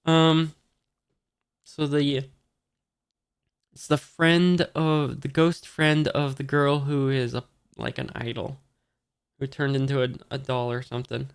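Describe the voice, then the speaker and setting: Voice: mid-range voice, little pitch movement, takes it slowly, long pauses, clear, resonant tone. A person casually reading a comic chapter aloud, stopping often and forgetting the characters' names. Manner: reads quotes in a near-plain voice. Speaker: manga reader.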